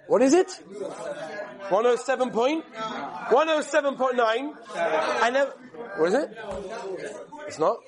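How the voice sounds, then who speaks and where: A man, a rabbi, giving a live class, rambling and joking with his listeners between points. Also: sits high. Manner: rambling, chatty storyteller who jokes with the room. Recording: live room with audience crowd. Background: audience murmuring and laughing.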